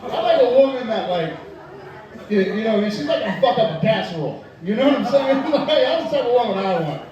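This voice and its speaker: A young man with a very high, very animated voice does a crude, profane stand-up set on a tavern stage, speaking briskly and laughing at his own jokes. The audio is dull and echoey, with crowd noise and the mic far from him.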